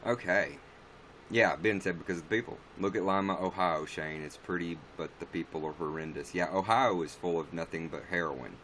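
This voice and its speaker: On a casual livestream, a man with a deep, low-pitched voice that is still fairly bright in tone talks a little fast, answering viewer comments as they arrive. He rambles bluntly, swears freely, and a faint hum of noise sits in the background.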